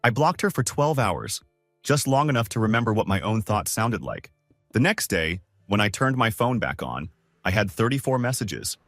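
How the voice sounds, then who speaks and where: A man's voice: fairly low pitch, big pitch swings, normal speed, a bit bright, no room sound, studio quality, soft background music. A man narrating a first-person story with a scripted, dramatic delivery.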